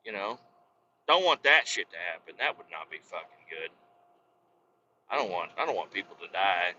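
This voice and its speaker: A man's voice: low voice, very animated, moderate pace, sharp tone, muffled recording, slight background noise. A man in his thirties hosting a podcast, rambling in a jokey, profane monologue. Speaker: podcast host.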